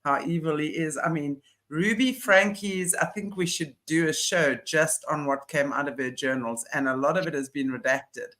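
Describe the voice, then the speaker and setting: A man's voice: a little high, normal speed, hardly any pauses, sharp tone. A man co-hosting a casual chat, giving opinionated, explanatory commentary. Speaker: podcast co-host. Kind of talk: casual chat about a news case.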